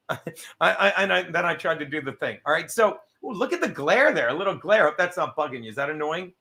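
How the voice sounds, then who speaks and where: A man's voice: on the high side, lively intonation, fairly quick, pushed and bright. A man hosting a casual livestream, rambling, swearing often and breaking off mid-sentence while fiddling with his screen. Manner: profane, rambling, self-interrupting; reads viewer messages aloud. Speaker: livestream host.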